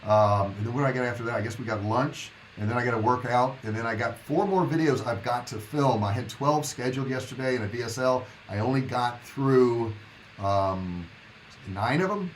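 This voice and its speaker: Guy rambling to his viewers on a live stream, mid-pitched voice, a little faint noise behind. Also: normal speed, low-quality recording. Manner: chatty, loose and rambling, talking to viewers. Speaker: livestream host. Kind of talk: casual live-stream chat.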